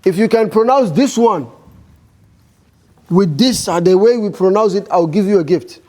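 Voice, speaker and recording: A man teaching a beginners' class, talking slowly and firing repeated questions at his students. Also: high voice, animated, mellow. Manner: slow, repetitive, questioning students. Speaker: Arabic teacher.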